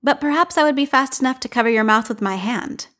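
A woman's voice: sits high, fast talker, a bit bright, voice pushed up. A woman voicing a cheerful, teasing male stall seller in a market.

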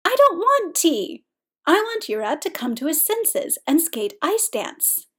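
A woman's voice: a little high, slow pace, darkish tone. A woman voicing a dramatic, pouty adult man who whines indignantly. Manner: whiny, indignant. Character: dramatic adult male skating coach, pouty.

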